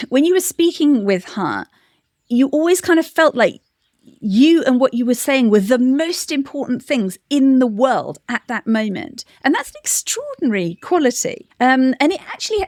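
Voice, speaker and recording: A middle-aged woman giving a thoughtful interview answer, often restarting and laughing softly. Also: high voice, no echo, studio quality. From United Kingdom. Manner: reflective, many restarts and soft laughs. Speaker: interview guest, campaign director. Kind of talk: conversational interview.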